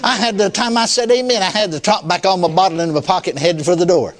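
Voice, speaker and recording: A man's voice: high voice, fast talker. An older man, a pastor telling a folksy sermon story, chuckling often and saying "you see.".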